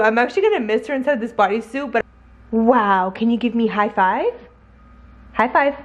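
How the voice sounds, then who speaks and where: A woman chatting casually in a home vlog about her puppy, slipping into high baby talk when she speaks to her dog. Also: expressive, moderate pace, lo-fi sound. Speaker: vlogger, dog owner. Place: home living room. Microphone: handheld camera. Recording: roomy echo.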